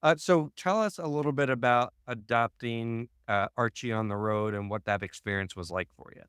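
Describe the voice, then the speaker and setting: A man hosting a podcast interview, asking questions in a relaxed way with fillers. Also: mid-range voice, normal speed, smooth, no echo, studio quality. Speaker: podcast host. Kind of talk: casual interview.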